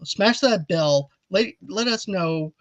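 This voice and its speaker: A man's voice: high voice, expressive, slow, no room sound. A man hosting a casual movie review chat, rambling eagerly and urging viewers to comment. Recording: dull lo-fi audio.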